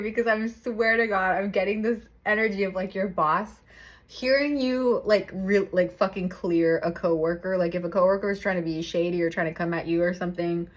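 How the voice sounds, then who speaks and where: Young woman, tarot reader, chatty and laughing a lot, loose casual talk, mid pitch. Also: fairly even intonation, normal speed. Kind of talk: casual tarot reading to camera.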